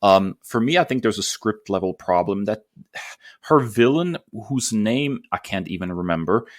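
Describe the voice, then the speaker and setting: A man hosting a casual podcast, talking in a relaxed way with frequent fillers. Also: lowish voice, normal speed. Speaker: podcast host.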